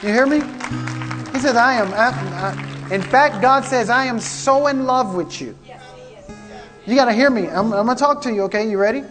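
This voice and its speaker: A man's voice: very high voice, moderate pace, a bit bright. A man preaching a prophetic sermon, fervent and repetitive, calling out to the congregation. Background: guitar music.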